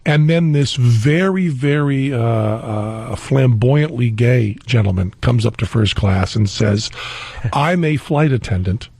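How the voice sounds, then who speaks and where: A man's voice: medium pitch, slow, gravelly, few pauses, warm tone, husky, no echo. A man telling a comic anecdote on a talk radio show as a guest, laughing at his own story.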